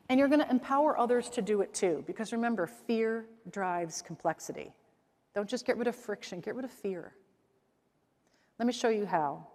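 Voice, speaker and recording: A middle-aged woman from the American Midwest giving a keynote talk on stage, telling stories with energy and acting out the voices of the people in them. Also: medium pitch. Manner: lively storytelling, acts out quoted voices. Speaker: keynote speaker. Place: conference hall stage. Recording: large hall with long reverb.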